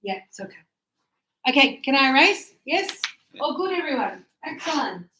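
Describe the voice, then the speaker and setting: A woman's voice: sits high, very animated, moderate pace, pushed and bright, a little hiss or hum. A woman teaching an English class, explaining patiently and acting out examples. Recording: echoey classroom.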